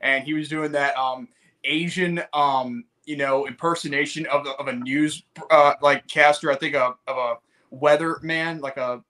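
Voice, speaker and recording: A man's voice: a little high, fairly even intonation, normal speed, sharp tone. A man co-hosting a podcast in casual chat, rambling and laughing often, trailing off with fillers. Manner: rambling, laughs often, breaks into put-on voices. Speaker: podcast co-host.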